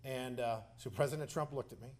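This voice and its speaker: A man's voice: medium pitch, fairly even intonation, fairly quick. A man with a Texan accent, a politician giving a passionate, joking, folksy campaign speech full of anecdotes at a live forum. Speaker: politician speaking at a candidate forum. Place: civic center hall, live event.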